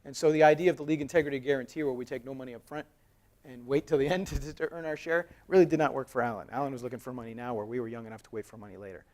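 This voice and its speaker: Fast-talking man giving a keynote. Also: mid-range voice. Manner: lively, conversational, acts out dialogue with raised voice. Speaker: conference speaker, company co-founder. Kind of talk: storytelling keynote talk. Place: conference hall.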